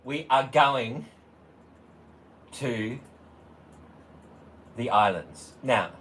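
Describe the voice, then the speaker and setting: A chatty man runs a casual livestream, rattling off hellos to viewers by name. He talks in a relaxed, unhurried way and keeps breaking into laughter. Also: mid-range voice, slight background noise. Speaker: livestream host.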